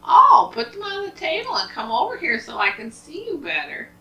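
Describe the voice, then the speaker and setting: A woman's voice: very high voice, wildly swooping pitch, moderate pace, pitched above the performer's own voice, full character voice. A woman voicing a sly big bad wolf. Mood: gloating. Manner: loud, sing-song storybook delivery. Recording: roomy, distant home recording.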